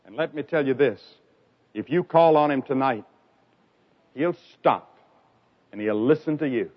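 A man preaching an evangelistic sermon, telling stories dramatically and swinging from loud cries to quiet lines. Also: unhurried. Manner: dramatic storytelling with sharp swings in pitch and loudness. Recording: dull lo-fi recording.

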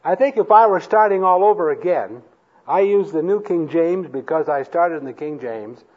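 A male pastor delivers a sermon in a slow, deliberate way, leaning on key words. His voice swings widely in pitch and sits a little high. The recording is dull and lo-fi, made in a church before the congregation. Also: expressive. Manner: slow, emphatic, has congregation repeat lines aloud.

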